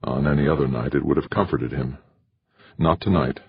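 A man narrating an audiobook in a steady, measured reading with a raspy voice. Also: very deep voice, narrow, tinny audio. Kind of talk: scripted narration.

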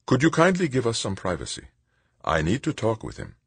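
A man voicing a cool, composed nun who speaks softly and calmly. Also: mid-range voice, a little fast, gravelly, slightly rough, no echo, pitched above the performer's own voice, full character voice. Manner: soft, calm, coaxing. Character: cool, composed nun, soft-spoken woman.

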